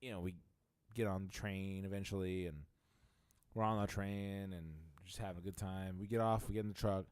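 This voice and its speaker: Man, low voice, dry close mic, casual profane podcast storytelling. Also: steady tone, normal speed, darkish tone, clean tone, dry recording. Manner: rambling, profane, laid-back storytelling. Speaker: podcast co-host.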